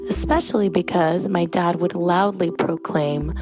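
A woman's voice: fairly low pitch, unhurried, over music. A woman from San Diego calling in to tell an amused childhood story. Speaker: caller.

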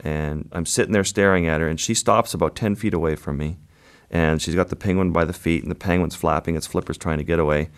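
Deep-voiced man telling a vivid story. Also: steady tone, fast talker. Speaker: wildlife photographer guest. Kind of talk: interview storytelling.

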